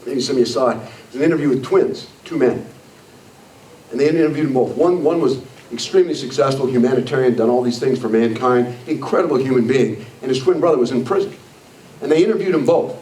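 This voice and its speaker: A man in his sixties works as a motivational speaker, addressing an audience in a meeting room bluntly and emphatically with repeated lines like "I don't care" and "you know what?". His voice is mid-range and slightly mellow with a quick pace, heard from far off the mic in an echoey space.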